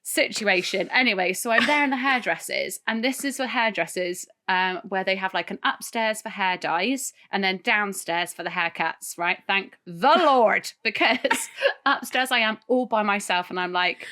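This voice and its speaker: A woman co-hosting a podcast, telling a funny story in casual chat, animated and often laughing. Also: medium pitch, normal speed. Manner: animated, laughing, tells stories with voiced asides. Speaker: podcast co-host.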